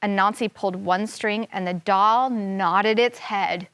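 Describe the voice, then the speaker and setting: A woman's voice: medium pitch, fairly even intonation, a little slow, fairly bright tone, no echo. A woman teacher reading a folk tale aloud to children, stopping to explain words and voicing the sound effects with expression. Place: classroom studio.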